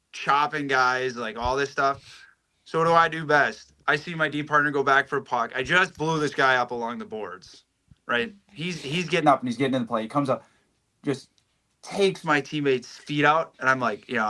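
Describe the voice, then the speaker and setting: A man with a bright, forceful voice speaks as a podcast guest. He tells stories in an animated, blunt way, mid-pitched and direct. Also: rough recording. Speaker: guest, pro hockey player. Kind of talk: casual podcast chat.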